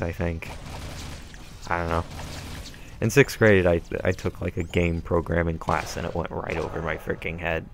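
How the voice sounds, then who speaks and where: A man's voice: sits low, slight background noise. A young man rambling through casual, self-deprecating let's-play commentary. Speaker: gameplay commentator. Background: faint game music.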